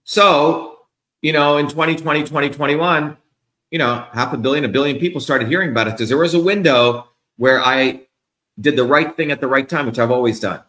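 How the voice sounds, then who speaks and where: Angry swearing guy on a campaign rant, bright forceful voice, roomy echo. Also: on the high side, fairly quick. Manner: profane, combative, emphatic. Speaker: political candidate as guest. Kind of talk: heated interview rant.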